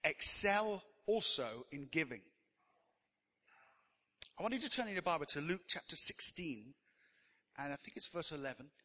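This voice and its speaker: Conversational preacher in a reverberant hall. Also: male voice, a little high, animated, quick pace, sharp tone. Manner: conversational storytelling preacher with frequent "uh" fillers. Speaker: pastor. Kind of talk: sermon.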